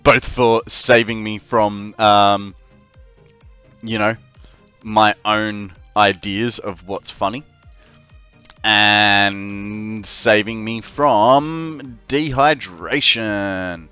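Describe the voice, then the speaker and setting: Speaking very slowly in a fairly low, steady voice that sounds pushed, bright and smooth, this Australian streamer jokes around with his viewers during a game. Faint music plays behind his casual chat.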